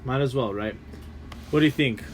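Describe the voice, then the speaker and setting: A man's voice: medium pitch, moderate pace, a little hiss or hum. A man co-hosting a casual podcast, reacting with wry, teasing remarks. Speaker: podcast co-host. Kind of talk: casual chat.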